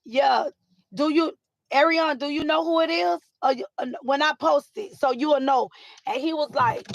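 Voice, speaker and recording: High-pitched woman chatting live to viewers. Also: moderate pace, creaky, dry recording, dull audio. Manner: animated, repeats herself, many fillers. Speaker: live stream host. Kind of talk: casual live chat with viewers.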